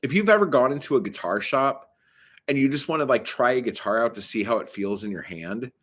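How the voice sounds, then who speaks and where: A man's voice: mid-range voice, expressive, fairly quick, fairly bright tone. A man vlogging a casual ranting monologue, profane and exasperated, telling his story with animation.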